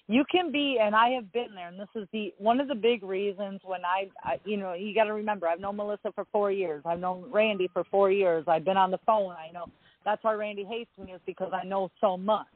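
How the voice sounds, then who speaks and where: A woman's voice: mid-range voice, steady tone, brisk, no echo. Blunt, emphatic woman caller, phone-line sound, dry. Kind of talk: casual call-in talk.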